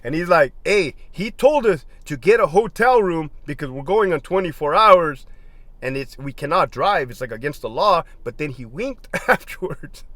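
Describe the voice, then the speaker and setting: Middle-aged man, ex-corrections officer, lively swearing storyteller, raised voice, dry close sound. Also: fairly high pitch, moderate pace, dry recording. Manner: profane, laughing often, animated retelling. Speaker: former prison lieutenant telling stories. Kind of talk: casual storytelling monologue.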